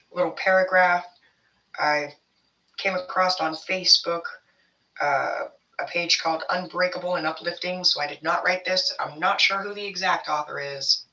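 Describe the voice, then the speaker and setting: A woman's voice: lowish voice, sharp tone, far from the mic, highs cut off. A woman giving a casual spiritual tarot reading to her viewers, rambling and blunt, swearing freely as she talks. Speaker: tarot reader.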